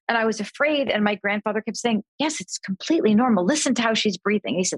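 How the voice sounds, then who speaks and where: Middle-aged woman, podcast guest, animated storyteller, dry close-mic read. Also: on the high side, brisk, slightly rough, dry recording. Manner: animated storyteller, voices quoted family members. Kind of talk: conversational storytelling.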